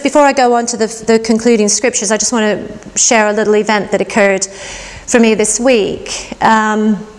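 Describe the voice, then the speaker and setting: A middle-aged woman preaching a sermon in an earnest, reflective way and telling a personal story. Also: mid-range voice. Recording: long hall reverb.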